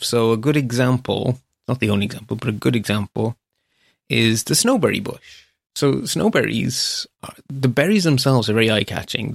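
A man's voice: mid-range voice, creaky, no room sound, clean studio sound. A man hosting a podcast, talking in an enthusiastic, meandering, descriptive way. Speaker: podcast host. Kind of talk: casual solo podcast talk.

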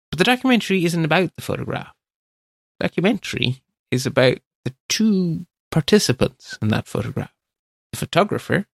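A man's voice: medium pitch, vocal fry, fairly bright tone, dry recording. A man hosting a casual solo podcast, talking in a rambling, chatty way with frequent ums and asides into a close mic. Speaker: podcast host.

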